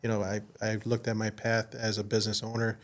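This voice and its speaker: A man's voice: fairly low pitch, completely flat delivery, a little fast. A man, a business owner guest, telling personal stories in a casual interview, earnest and full of fillers. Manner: earnest, faith-driven, speaks with restarts and fillers. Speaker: podcast guest, insurance agency owner. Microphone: studio mic.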